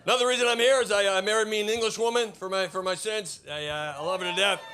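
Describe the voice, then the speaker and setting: A man in his fifties with an American accent works a comedy club stage, his voice pitched high and sharp-edged. He rants in a brash, foul-mouthed stand-up style into a handheld mic, with a faint hiss behind him. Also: steady tone, fast talker. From Idaho, USA. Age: 50s. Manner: brash, profane, ranting delivery.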